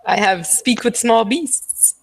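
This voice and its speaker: A woman's voice: on the high side, takes it slowly, gravelly, breathy edge. Wry teasing woman player. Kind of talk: casual tabletop play.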